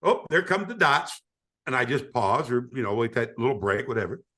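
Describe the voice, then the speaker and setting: Older guy telling stories on a podcast, lively swooping pitch, stammers and restarts a lot. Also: a little fast. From United States. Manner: animated storyteller, acts out quoted voices, frequent stammering restarts. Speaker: retired sportscaster guest. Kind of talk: storytelling in a podcast interview.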